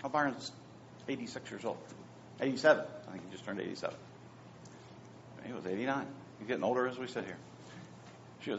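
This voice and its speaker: A pastor preaching a sermon, swinging between hushed, near-whispered phrases and loud, emphatic repetitions. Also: male voice, mid-range voice, brisk, creaky, pauses often, a little hiss or hum. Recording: dull lo-fi sound with faint ambience.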